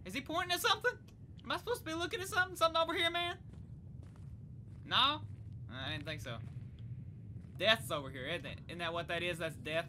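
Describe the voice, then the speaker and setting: A young woman gaming YouTuber giving excitable, chatty let's play commentary. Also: fairly high pitch, brisk, long pauses, slight background noise. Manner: excitable, chatty, reacts out loud.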